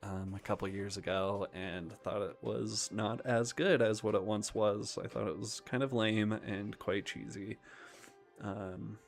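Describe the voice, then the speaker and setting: A man's voice: on the low side, steady tone, a little slow, vocal fry, faint music behind. A young man hosting a live stream, chatting casually about movies in a rambling way, with lots of ums and half-finished thoughts. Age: young adult.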